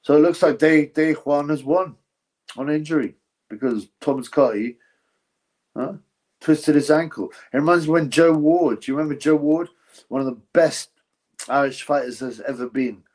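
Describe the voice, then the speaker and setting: A livestream host with a slightly high, darkish voice at normal speed rants bluntly about a boxing event. He drops chuckling asides and reads viewer donations aloud.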